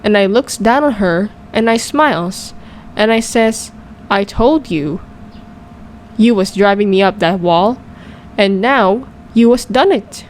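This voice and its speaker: A woman's voice: mid-range voice, takes it slowly, a little hiss or hum, low-quality recording. A woman voicing a boastful young boy who tells his dream with broken grammar. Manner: broken grammar, lively storytelling.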